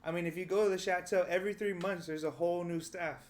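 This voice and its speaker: A man's voice: sits high, quick pace. A young man hosting a podcast and talking casually, blunt and profane, telling stories with lots of energy. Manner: blunt, profane, animated storytelling. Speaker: podcast host and stand-up comic. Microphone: studio podcast mic.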